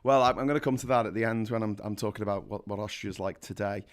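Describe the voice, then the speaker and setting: A man's voice: on the low side, fast. A man in his forties hosting a casual history live stream and reading out the chat. He talks in a chatty, jokey way and often restarts his sentences. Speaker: history show host.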